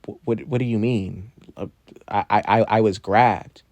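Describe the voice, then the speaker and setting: A man doing a jittery teenage schoolboy who trips over his words, repeating himself as he scrambles to explain. The voice sits fairly low and sounds dry and close, with no room echo. It is a fan storybook reading. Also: steady tone, normal speed, gravelly, mellow. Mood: flustered. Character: nervous stammering teenage boy student.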